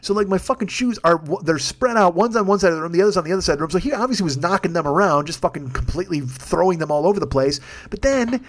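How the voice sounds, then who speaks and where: Man, high voice, rapid pace, profane, rambling comic storyteller. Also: animated. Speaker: podcast host. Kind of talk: comedic storytelling.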